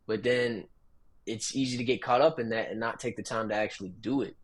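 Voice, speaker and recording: Man, mid pitch, laid-back, casual slang, podcast chat. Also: fairly even intonation, fairly quick.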